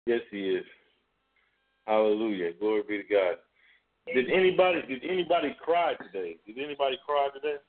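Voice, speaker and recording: A man's voice: medium pitch, expressive, a little fast, narrow, tinny audio. Man leading a phone prayer line. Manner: hesitant, many fillers and restarts. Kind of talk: prayer and call-in chat.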